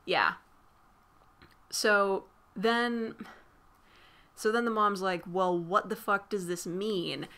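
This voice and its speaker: Bright-voiced woman rambling through a recap. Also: medium pitch, steady tone, takes it slowly, pauses often. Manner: rambling, filler-heavy, swears freely. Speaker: movie recap vlogger. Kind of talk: casual spoiler recap.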